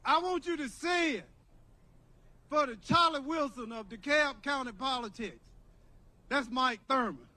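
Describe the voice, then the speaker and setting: High-voiced older man rousing a rally. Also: measured pace, pauses often, pushed and bright. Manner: preacherly, rousing, repetitive. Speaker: rally speaker. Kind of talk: call-and-response rally speech. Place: outdoor drive-in rally.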